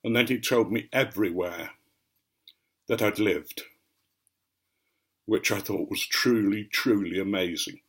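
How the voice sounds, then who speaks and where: English gent type rambling on, bit husky, lowish voice, lots of ums. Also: male voice, fairly bright tone. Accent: mostly received English, light Norfolk. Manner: unhurried storytelling with frequent ums. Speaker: vlogger. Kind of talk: rambling anecdotal chat to camera.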